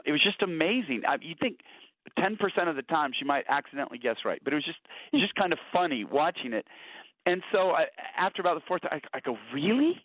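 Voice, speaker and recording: A man's voice: fairly high pitch, no room sound. A middle-aged man telling earnest, anecdotal stories about marriage, often repeating words at the start of a thought. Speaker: guest author on marriage. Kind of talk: conversational storytelling. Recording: dry, tinny phone-like radio audio.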